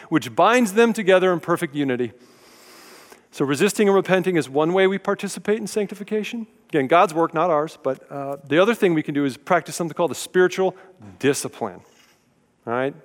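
A man preaching a sermon in a conversational, folksy way with touches of humor. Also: high-pitched. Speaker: pastor. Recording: long hall reverb.

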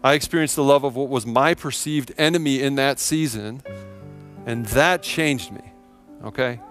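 A man's voice: medium pitch, moderate pace, a bit bright, soft background music. A middle-aged man preaching a sermon to his church, earnest and emphatic, repeating phrases for effect. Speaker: pastor. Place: church sanctuary.

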